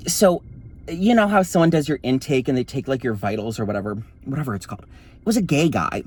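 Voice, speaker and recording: A man's voice: mid-range voice, lively intonation, fairly quick, a little mellow. A man telling a story in a campy, sassy, profane way, his voice often taken for a woman's. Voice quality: voice read as feminine. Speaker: vlogger. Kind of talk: casual storytelling vlog.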